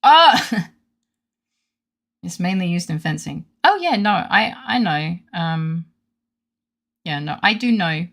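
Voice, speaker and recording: Gravelly-voiced woman streamer, joking. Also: lowish voice, animated, slow, long pauses, fairly bright tone. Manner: joking, giggly, reads game lines aloud. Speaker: streamer playing a game. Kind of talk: casual gaming stream commentary.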